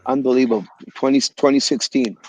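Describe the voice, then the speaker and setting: A man being interviewed as a guest musician over a video call, telling animated stories in a loose, slangy way and calling people "man" and "bro". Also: medium pitch, quick pace, dry recording. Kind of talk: casual storytelling interview. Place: home in Los Angeles area.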